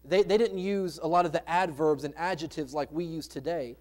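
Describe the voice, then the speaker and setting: A man's voice: fairly high pitch, steady tone, a little fast, darkish tone. A man preaching a sermon as pastor, in a conversational way with rhetorical questions to the congregation. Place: church sanctuary.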